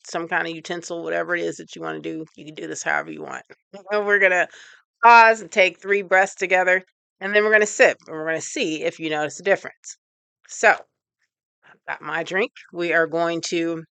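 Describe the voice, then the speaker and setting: A woman coach runs a live online workshop, her voice crisp and bright. She sits a little low in pitch and encourages the group as she counts them through breathing and tensing exercises. The sound is dry and close. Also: no room sound. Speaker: emotional intelligence coach.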